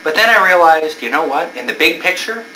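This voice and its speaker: A man's voice: fairly high pitch, expressive, brisk, echoey room, noisy background. A man, an author, making a hammy, over-the-top comic promo video.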